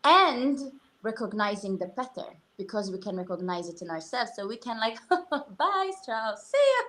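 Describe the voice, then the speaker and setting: A woman guest talking candidly and earnestly on a talk show, telling stories with animated asides. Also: medium pitch, normal speed. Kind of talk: casual talk-show conversation.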